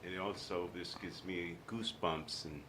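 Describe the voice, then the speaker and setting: A man's voice: low-pitched, moderate pace, a little hiss or hum. A man being interviewed on a radio show, telling personal stories and acting out the people in them. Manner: animated storyteller, acts out quotes. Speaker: guest.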